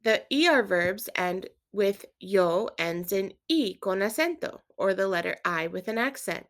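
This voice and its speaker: A woman teaching a Spanish lesson with a clear, patient delivery. She walks through verb endings step by step and quizzes the listener. Her voice sits at a middle pitch. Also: expressive, unhurried. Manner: clear, patient instruction with quiz prompts. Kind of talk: scripted language lesson.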